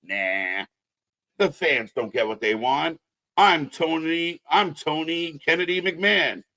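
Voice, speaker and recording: A man's voice: fairly high pitch, takes it slowly, sharp tone. Blunt, profane man ranting about wrestling. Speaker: wrestling stream co-host. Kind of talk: casual live commentary chat.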